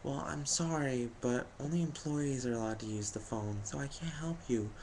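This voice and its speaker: A man voicing a sweet, very polite little old lady clerk in a high, gentle, apologetic tone. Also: normal speed, slight background noise, lightly acted, rough recording.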